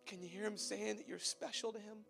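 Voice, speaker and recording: Pastor guy preaching soft and tender, kinda high voice, gravelly, quiet music behind. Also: fairly even intonation, brisk. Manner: tender, pleading, often drops soft and quiet. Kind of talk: sermon.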